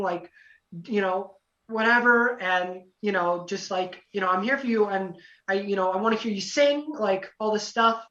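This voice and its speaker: A young man telling a casual story as a podcast guest, lively, acting out quotes, with lots of "you know" fillers. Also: high-pitched, a little slow. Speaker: podcast guest, former singing contestant. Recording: roomy, distant, dull lo-fi sound.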